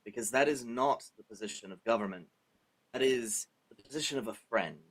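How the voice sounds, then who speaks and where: A man's voice: fairly low pitch, lively intonation, brisk, husky, rough recording. A man in an in-character roleplay debate, confrontational and sarcastic.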